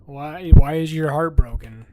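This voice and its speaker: Young male streamer, slightly high voice, loud, profane, mocking banter. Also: little pitch movement, unhurried, dry recording. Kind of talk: live game-stream commentary.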